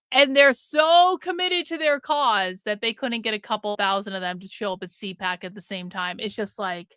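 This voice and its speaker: A woman's voice: medium pitch, sharp tone, clear, resonant tone, no echo. A woman co-hosting a livestream, talking bluntly and swearing freely. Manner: blunt, profane. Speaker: show co-host. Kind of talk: casual livestream commentary.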